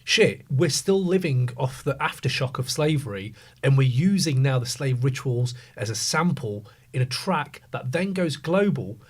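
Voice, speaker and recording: A man in a casual podcast debate, talking with animated emphasis and plenty of swearing. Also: mid-range voice, normal speed, few pauses, slightly rough. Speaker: podcast panelist.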